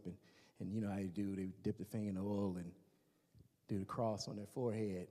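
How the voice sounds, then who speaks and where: A man's voice: lowish voice, fairly quick. A man from the American Midwest doing teasing stand-up comedy and crowd work before a live audience in a church hall. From Gary, Indiana, USA. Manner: animated, teasing, talks straight to the audience.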